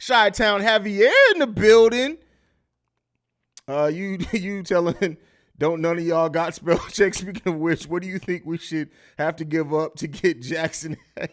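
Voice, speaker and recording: A man with a fairly high speaking voice hosts a live sports stream. He talks in a loose, profane, casual way, laughing often and reading viewer comments aloud as he goes. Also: a little slow. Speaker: podcast host.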